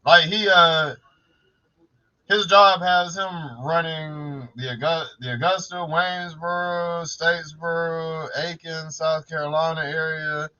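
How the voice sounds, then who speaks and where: A man's voice: on the high side, fairly even intonation, slow, pushed and bright, highs cut off. A man co-hosting a casual late-night live stream, laid-back and profane, chatting about mutual friends and store hunts.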